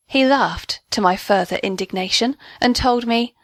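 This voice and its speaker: A woman narrating a first-person audio story as a comic diary, in an indignant, lively storytelling manner. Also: medium pitch, normal speed, hardly any pauses, dry recording.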